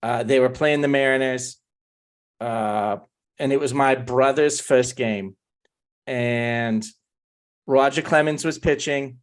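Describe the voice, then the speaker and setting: A man in a casual podcast chat, talking excitedly and swearing freely. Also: medium pitch, slow, long pauses. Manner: excited, swears, rattles off names. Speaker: podcast co-host.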